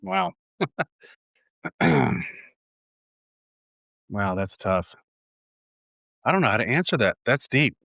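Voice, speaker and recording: A man's voice: mid-range voice, very animated, slow, vocal fry, pauses often, fairly bright tone, dry recording, clean studio sound. A man in his forties, a home builder guest, talking casually and reflectively in a podcast conversation, with frequent restarts. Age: 40s.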